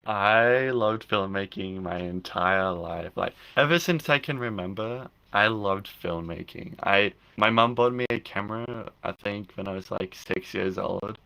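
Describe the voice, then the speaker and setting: A man's voice: lowish voice, unhurried, gravelly, hardly any pauses, sharp tone. A young adult man, a filmmaker and podcast guest, chatting casually and rambling with frequent restarts. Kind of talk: casual interview chat.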